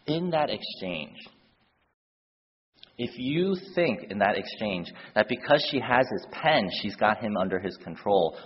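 A man's voice: lowish voice, breathy edge. A man preaching a sermon, telling a story and then building to urgent appeals to his listeners. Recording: dull echoey hall.

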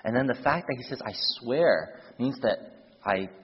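A man's voice: mid-range voice, fairly quick, slight background noise. A man preaching a sermon, telling a story and then building to urgent appeals to his listeners. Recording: dull echoey hall.

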